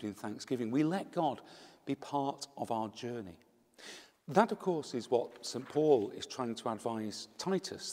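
A man, a priest, giving a measured, gentle homily at a funeral Mass. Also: mid-range voice. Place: church. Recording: long church reverb.

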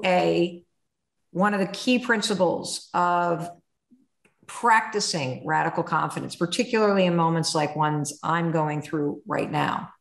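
Expressive American woman hosting in a roomy space. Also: lowish voice, vocal fry. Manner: animated storytelling, swearing, acts out inner voices. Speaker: podcast host. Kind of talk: candid conversational interview. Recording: roomy echo.

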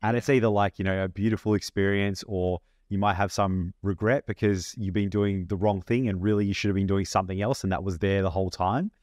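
A man's voice: low-pitched, steady tone, brisk, hardly any pauses, darkish tone, dry recording, studio quality. A man co-hosting a podcast, asking curious questions and teasing his friend in a casual way. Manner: curious, teasing questioner, calls people "mate". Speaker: podcast co-host.

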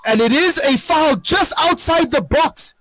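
A man giving excited live football commentary, breaking into shouts at chances and goals. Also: very high voice, unhurried, low-quality recording.

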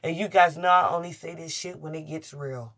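A woman gives a casual tarot reading straight to camera. She talks bluntly and curses freely. She gets excitable, laughing and exclaiming as she goes. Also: deep voice, a little fast. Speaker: tarot reader.

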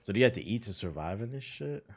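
A man's voice: fairly low pitch, very animated, fast talker, breathy edge. A man giving casual, profane, joking commentary while playing a video game on stream. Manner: loose, profane, laid-back joking.

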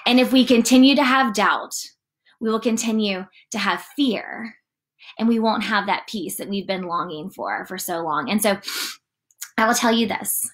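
A woman giving a casual morning devotional, chatty and animated, often saying "like" as she reads and talks. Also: mid-range voice, moderate pace. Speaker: church devotional leader.

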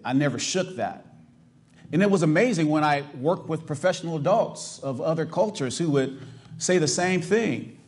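A man's voice: fairly high pitch, darkish tone. A middle-aged male pastor from the US South with a Californian accent, preaching emphatically and asking the congregation rhetorical questions. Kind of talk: sermon.

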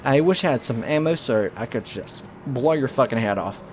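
A man's voice: mid-range voice, animated, moderate pace, a little hiss or hum. A man giving rambling, profane let's play commentary as a gaming channel host, slipping into mock panic.

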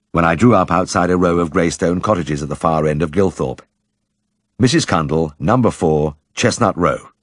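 A man narrating an audiobook in a measured, gently wry storytelling manner. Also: deep voice, dry recording, clean studio sound. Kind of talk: scripted narration.

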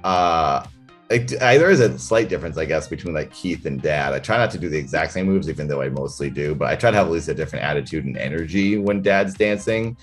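A man with a notably deep, low-pitched voice chats as an interview guest. He speaks reflectively, thinking out loud as he goes, with faint music sitting under his voice. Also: animated, fast talker. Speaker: interview guest, comedian and character performer. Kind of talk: casual interview chat.

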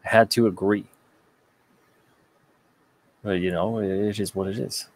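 A man's voice: on the low side, fairly even intonation, unhurried. A man from the United States hosting a casual livestream, reading out viewer comments and answering them with rambling, joking asides.

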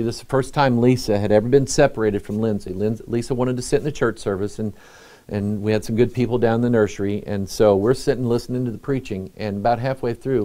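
Low-voiced earnest middle-aged male pastor. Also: mellow. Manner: earnest, conversational preaching with pauses. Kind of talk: sermon.

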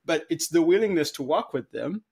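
A man's voice: a little high, animated, brisk, creaky, darkish tone, husky. A man co-hosting a podcast, talking thoughtfully in a casual conversation and explaining ideas through everyday examples. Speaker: podcast co-host.

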